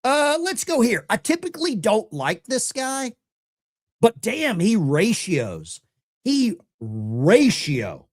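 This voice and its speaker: A man hosting a casual livestream from a room at home, mocking and sarcastic, jumping between loud jabs and quiet asides. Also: high voice, huge pitch swings, slow pace. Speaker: livestream host. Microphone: desk camera mic.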